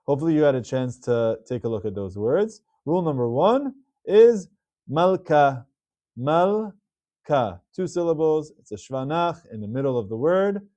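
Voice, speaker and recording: A man teaching Hebrew reading rules in a patient video lesson, repeating key words slowly. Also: mid-range voice, big pitch swings, warm tone, dry recording.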